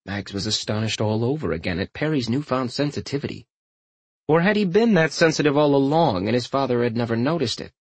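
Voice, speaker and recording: A man reading a fantasy novel aloud, his pitch rising and falling freely in an animated telling. The recording is dry and close, with no room sound. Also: brisk, breathy edge, no room sound. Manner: lively, expressive storytelling. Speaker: audiobook narrator. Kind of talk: scripted narration.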